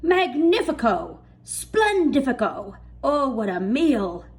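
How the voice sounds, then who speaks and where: Brief: greedy, boisterous storybook aunt, voiced by a woman reader, high and hollering. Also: big pitch swings, slow pace, exaggerated voice. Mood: gleeful. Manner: shouting and exclaiming. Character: fat, greedy, loud middle-aged woman aunt. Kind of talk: storybook read-aloud.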